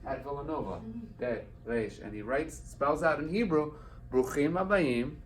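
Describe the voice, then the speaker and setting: A man's voice: fairly high pitch, measured pace, slight background noise. A man in his forties, a guest speaker, telling a personal story to an audience and acting out the voices of the people in it. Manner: animated storyteller acting out quotes. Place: event hall with live audience. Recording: roomy hall, mic heard from a distance.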